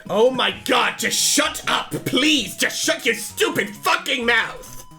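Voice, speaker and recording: A man's voice: mid-range voice, big pitch swings, measured pace, fairly bright tone, faint music behind, pitched below the performer's own voice. A man voicing a blunt, volatile teenage girl while reading a visual novel aloud, with snappy, hostile outbursts. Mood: furious.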